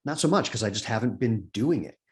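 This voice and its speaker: A man's voice: mid-range voice, expressive, brisk. An older man, a company founder and podcast guest, chatting casually over a video call and telling rambling stories. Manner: rambling, acts out quoted voices in anecdotes. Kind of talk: casual storytelling conversation.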